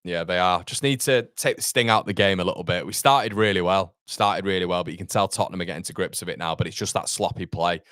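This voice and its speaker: A man's voice: deep voice, fast talker, few pauses, fairly bright tone, no room sound, clean studio sound. A man hosting a fan watchalong, calling the match live play by play and answering viewer chat, with partisan exasperation. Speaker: fan channel host.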